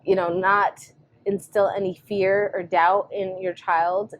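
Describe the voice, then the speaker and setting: A woman's voice: mid-range voice, little pitch movement, slow pace, dull audio. A young woman co-hosting a podcast, talking casually about parenting and often quoting her son and herself. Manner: chatty, acts out her son and herself in quotes. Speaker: podcast co-host. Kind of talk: casual chat.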